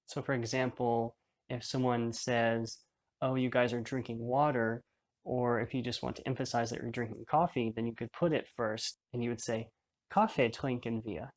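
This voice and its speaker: Man, language teacher, middle pitch, patient step-by-step explanation, lesson delivery.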